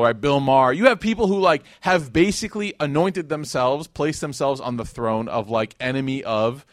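A man's voice: medium pitch, moderate pace, hardly any pauses, no room sound. A man giving a casual religious lecture, telling a story in a conversational way with many fillers and acted-out quotes. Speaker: speaker teaching Islamic history.

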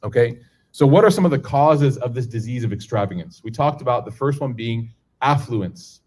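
A man's voice: mid-range voice, lively intonation, normal speed, a little mellow, slightly rough. A man giving a conversational religious lesson to a live audience, often checking in with the listeners and acting out the people in his stories. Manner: conversational, keeps checking in with "okay?" and "right?"; acts out quoted people in a raised voice. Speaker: religious teacher. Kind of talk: casual lecture to a live audience.

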